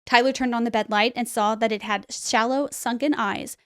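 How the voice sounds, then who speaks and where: A woman with a slightly high voice tells an eerie story as a podcast host, lively and chatty, jumping into the quotes she retells. Her voice sits close to the mic with a dry, dead sound. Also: normal speed, no echo. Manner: animated retelling, acts out quotes.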